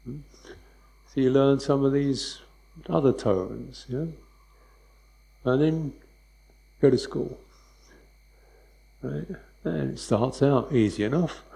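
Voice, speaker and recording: A man gives a dharma talk as a meditation teacher. His voice is mellow and warm, pitched in a middle range. He speaks softly and without hurry, returning to phrases in reflective repetitions. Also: creaky, rough recording. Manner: soft, unhurried, reflective teaching with quiet repetitions.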